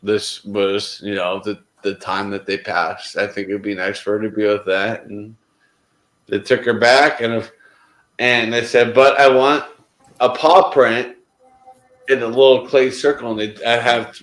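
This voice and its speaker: A man's voice: fairly low pitch, level tone, measured pace, fairly bright tone, echoey room, rough recording. A man in casual group conversation, telling a heartfelt story in a rambling way, often restarting his sentences. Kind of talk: casual chat.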